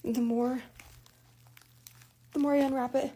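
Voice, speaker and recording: Young woman unboxing-vlog host, high-ish voice, breathless gushing, loud crinkle and tearing of packaging all around. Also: unhurried, very noisy. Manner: excitable, gushing exclamations. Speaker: jewelry unboxing vlogger. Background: crinkling, tearing packing material.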